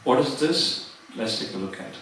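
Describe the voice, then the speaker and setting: A man's voice: medium pitch, animated, normal speed, fairly bright tone, a little hiss or hum. Man lecturing in an echoey hall. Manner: explanatory, quotes scripture, frequent fillers. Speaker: seminar presenter. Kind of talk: religious seminar lecture. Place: temple seminar hall. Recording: very echoey hall, distant mic.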